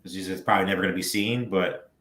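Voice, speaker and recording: A man co-hosting a podcast, opinionated and quick to chime in. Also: low voice, steady tone, fairly bright tone. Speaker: podcast co-host. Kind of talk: casual podcast chat. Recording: roomy echo.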